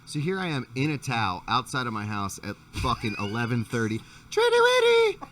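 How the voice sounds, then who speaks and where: A man's voice: medium pitch, fairly quick, bright, forceful tone, recorded from a distance, slight background noise. A man hosting a podcast and telling a long, profane story in casual chat, with frequent restarts. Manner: profane, rambling anecdote with restarts. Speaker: podcast host.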